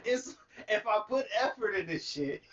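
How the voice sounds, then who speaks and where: A man's voice: high voice, animated, normal speed, fairly bright tone, slight background noise. Blunt, opinionated male podcast co-host. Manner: laid-back, opinionated, blunt with profanity. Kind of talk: casual chat. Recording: dull lo-fi sound.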